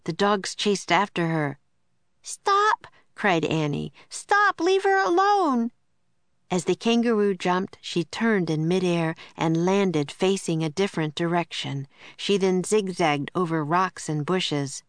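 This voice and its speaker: A woman reading a children's book aloud in a clear, steady storytelling voice. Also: fairly low pitch, measured pace, hardly any pauses, dry recording. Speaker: narrator.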